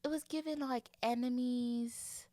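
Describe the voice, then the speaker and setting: A woman's voice: a little high, measured pace, no echo. A young woman from Florida, hosting a podcast in a chatty, playful monologue. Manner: chatty, animated, playful, acts out voices. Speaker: podcast host. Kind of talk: casual chat monologue.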